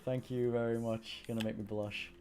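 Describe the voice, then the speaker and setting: A man's voice: mid-range voice, flat delivery, fairly quick, darkish tone. A young man with a mixed Yorkshire and South Wales accent, chatting casually with viewers on a live stream, rambling and swearing freely. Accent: mix of Yorkshire and South Wales.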